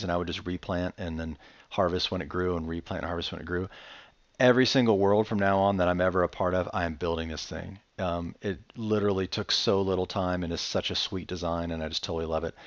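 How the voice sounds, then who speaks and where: A man's voice: low voice, fairly even intonation, a little fast, no room sound, highs cut off. A man giving casual, rambling gameplay commentary, chatty and enthusiastic with laid-back slang. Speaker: Minecraft let's-play host.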